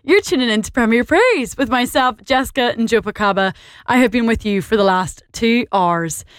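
Irish woman, radio presenter, bright higher voice, dry close studio sound, chatty and bubbly. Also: animated, moderate pace, smooth, no echo. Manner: bubbly, chatty, reads listener messages. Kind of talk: lively radio chat. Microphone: studio microphone.

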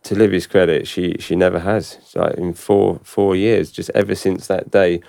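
A man answering questions in a hesitant, measured way, often repeating words. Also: low-pitched, level tone, vocal fry, warm tone, no echo, clean studio sound. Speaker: husband of the guest. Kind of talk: conversational interview answer.

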